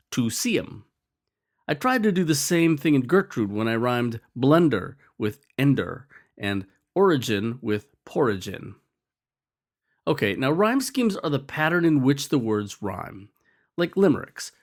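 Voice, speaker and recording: A man talking through a scripted lesson with a lively, wry delivery. His pitch moves up and down a lot as he explains, and his tone stays clear and conversational. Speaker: teacher.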